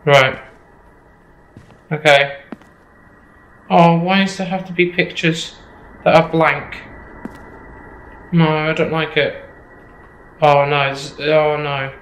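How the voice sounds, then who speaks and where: A man playing a horror game on stream, nervous and swearing as he repeats his worries. His voice sits a bit high. The room sounds echoey, with faint hiss underneath. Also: fairly even intonation, slow, long pauses, fairly bright tone. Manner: jittery, swearing, keeps repeating himself. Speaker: gameplay streamer.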